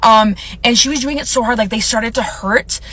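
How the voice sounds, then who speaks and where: A woman's voice: on the high side, normal speed, bright, forceful tone. A young woman telling a rambling storytime about a bad nail appointment, upset and close to tears, filling her talk with "like". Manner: rambling, filler-heavy, upset. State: on the verge of tears. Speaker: content creator. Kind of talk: storytime vlog.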